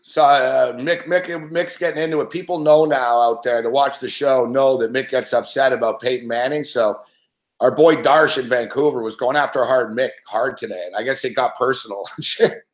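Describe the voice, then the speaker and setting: A man's voice: mid-range voice, normal speed, reverberant. A man hosting a sports betting show live, ranting in a casual, profane, rambling way and laughing often. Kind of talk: casual live-stream rant.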